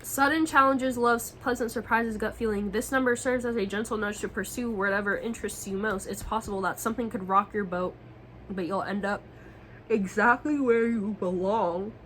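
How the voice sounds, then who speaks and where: Young woman tarot reader, bright voice, brash slangy delivery, faint room noise. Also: medium pitch, fairly even intonation, normal speed, low-quality recording. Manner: profane, slangy and emphatic. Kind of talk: casual tarot reading to camera.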